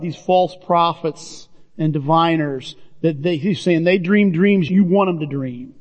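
High-voiced pastor preaching in a hall. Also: male voice, slow, a little mellow. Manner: earnest, addresses listeners as "guys". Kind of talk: sermon. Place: church sanctuary. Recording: dull, reverberant hall sound.

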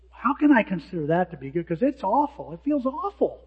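A male pastor preaching a sermon in an animated way, acting out the lines of people who mock. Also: high voice, a little fast, husky. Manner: animated, acts out hecklers' lines. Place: church sanctuary. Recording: dull sound with long hall reverb.

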